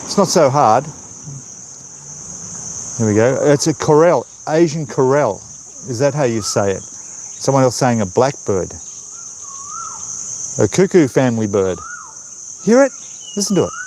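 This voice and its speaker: A man's voice: mid-range voice, big pitch swings, a little slow, pauses often, a little mellow, a little hiss or hum. Australian male streamer, casual chatty host, outdoors on a phone, faint insects and outside ambience behind. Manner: chatty, reading out viewer comments. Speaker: livestream host. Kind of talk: casual live-stream chat. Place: outdoors by a roadside in the countryside. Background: birds and insects outdoors.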